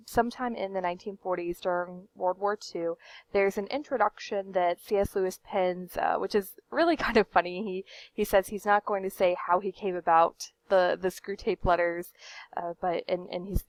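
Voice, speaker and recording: A woman's voice: on the low side, no room sound. A woman hosting a casual book vlog, chatty and rambling, with frequent fillers, restarts and light laughs. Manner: laughs now and then while talking. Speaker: book channel host. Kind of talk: casual book commentary to camera.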